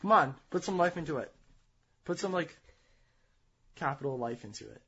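A man's voice: a little high, lively intonation, moderate pace, pushed and bright, a little hiss or hum. A young man co-hosting a casual chat show, teasing and joking with his co-host. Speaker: podcast co-host. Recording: dull lo-fi recording.

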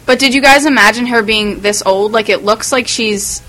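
A woman's voice: on the high side, normal speed, bright, forceful tone, poor audio. A woman in a casual group chat, talking with many hesitations and fillers.

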